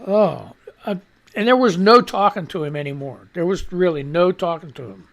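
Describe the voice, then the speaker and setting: A male radio show host rambles through casual news commentary on a live radio stream, swearing frequently, restarting and stumbling over words. His voice sits high, creaky and fairly bright, at a normal speed.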